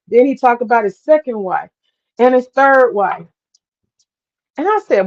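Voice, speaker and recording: Woman, live stream host, candid and chatty, swears freely, slightly high voice, dull lo-fi audio. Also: animated, normal speed. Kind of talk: casual live stream storytelling.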